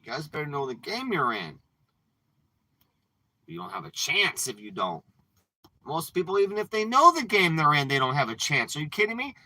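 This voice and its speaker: A man hosting a livestream, ranting and preaching with frequent swearing, dropping from low mutters to loud outbursts. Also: sing-song, normal speed, pauses often, no room sound, poor audio. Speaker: livestream host.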